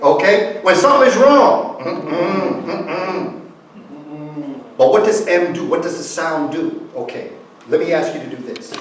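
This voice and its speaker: Animated man lecturing in an echoey room. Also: on the high side, normal speed, a little hiss or hum. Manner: animated, acts out example phrases, coaxes audience to join in. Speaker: guest speaker. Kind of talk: lecture to a live audience. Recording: echoey room, far from the mic.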